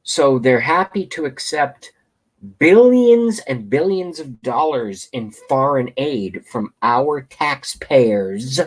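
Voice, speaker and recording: Hiccupping through a ranting political monologue, this commentator swears, rambles, and repeats himself to drive points home. He speaks slowly in a mid-range voice with lively intonation and a breathy edge. It's recorded outside, with a train passing close by.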